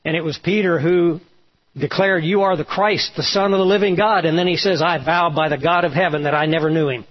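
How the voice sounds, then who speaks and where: Pastor guy telling a bible story in a sermon, kinda high voice, dull lo-fi sound. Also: steady tone, brisk. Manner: storytelling preacher, voices quotes with emphasis.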